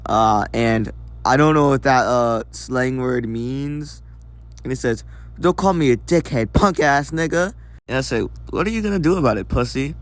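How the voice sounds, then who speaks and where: A man's voice: mid-range voice, fairly bright tone. Sarcastic, profane young man ranting. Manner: frequent filler words and restarts. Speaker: vlogger recounting an online dispute. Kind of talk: casual storytime commentary over screenshots.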